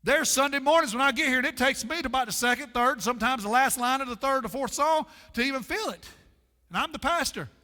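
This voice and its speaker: High, bright-voiced preaching pastor. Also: male voice, in a large hall. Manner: preaching with dramatic pauses and repetition. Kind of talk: sermon. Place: church sanctuary.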